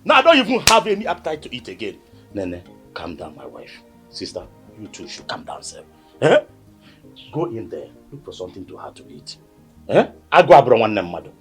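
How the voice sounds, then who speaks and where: A Nigerian man acting as a husband and brother, pleading with his family to calm down. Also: lowish voice, fairly quick, faint music behind. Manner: pleading, soothing, then exasperated. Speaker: husband and brother trying to make peace. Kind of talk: Nollywood film acting.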